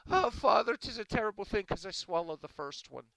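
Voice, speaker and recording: A man voicing a frantic Irish woman at confession, pleading in a shrill, breathless voice for a told joke. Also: sing-song, a little fast, creaky, pushed and bright, no echo, full character voice, rough recording.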